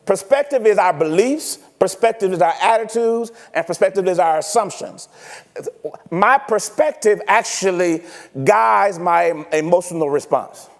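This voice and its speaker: High-voiced preacher in an echoing church. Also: male voice, a little slow, creaky. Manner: animated, teasing preaching with rhetorical questions. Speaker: pastor. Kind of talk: sermon. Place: church sanctuary.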